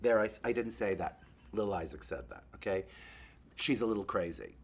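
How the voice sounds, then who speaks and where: A man hosting a show, chatting in a gossipy comic monologue to a puppet and breaking into quick impressions. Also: fairly low pitch, animated, husky. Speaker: host.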